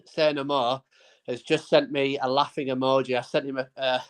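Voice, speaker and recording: A man's voice: mid-range voice, flat delivery, normal speed, clean tone. A man from England bantering casually, teasing and slangy, a little out of breath from exercise. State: out of breath from pedaling.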